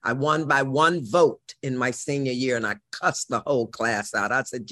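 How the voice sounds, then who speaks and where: Speaking at a moderate pace with few pauses, this woman's extremely low voice has a fairly bright tone. She's in her sixties, from Missouri, and recounts her life as an interview guest in a dramatic, profane, brassy manner.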